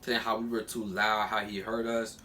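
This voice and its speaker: A man's voice: lowish voice, little pitch movement, normal speed, bright, forceful tone. A man telling a casual storytime while eating, rambling with lots of fillers and repeated restarts. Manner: often repeats himself and restarts. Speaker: vlogger.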